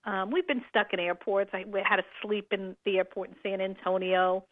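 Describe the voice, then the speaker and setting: A woman's voice: mid-range voice, fairly even intonation, brisk. Rambling woman on a tinny phone line. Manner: rambling, many restarts and fillers. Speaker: travel show guest. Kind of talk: casual radio chat.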